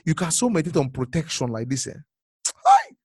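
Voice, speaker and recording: A male preacher giving a sermon, repeating phrases and swinging from hushed murmurs to sudden loud exclamations. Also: a little high, quick pace, husky, no echo, studio quality.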